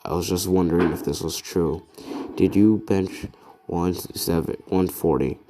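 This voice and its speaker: A man's voice: sits low, steady tone, measured pace, background noise. A man doing a curt, rude teenage boy. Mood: curious.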